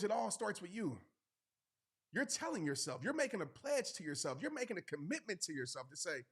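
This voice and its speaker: A man with a fairly high voice delivers a motivational speech. He speaks earnestly and emphatically, hammering home repeated phrases and urging the listener directly. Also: a bit bright.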